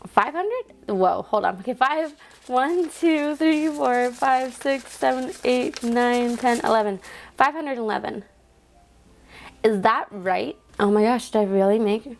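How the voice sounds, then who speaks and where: A woman's voice: on the high side, steady tone, slow pace. A young woman vlogging casually to her phone camera indoors, chatting with lots of "like" fillers and counting cash aloud.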